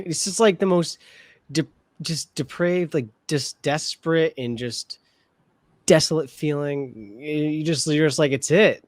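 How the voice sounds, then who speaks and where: A man co-hosting a reaction video, talking casually, swearing a lot and getting emotional as he thinks aloud. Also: on the high side.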